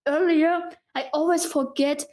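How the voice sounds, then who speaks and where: A woman guest on a casual podcast chat, talking haltingly with many fillers and restarts and laughing often. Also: high voice, steady tone, darkish tone. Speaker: podcast guest, fan page admin.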